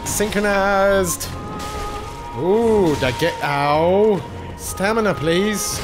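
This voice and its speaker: A man giving live gameplay commentary as a gaming channel host, excitable and swearing often at the game. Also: high voice, slow. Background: game music.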